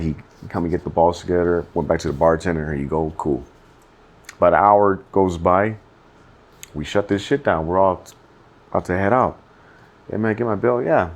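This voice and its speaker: Telling a story on the podcast he co-hosts, a young man swears a lot and acts out people's quotes in an animated, casual way. He speaks with a low voice at a moderate pace and takes long pauses.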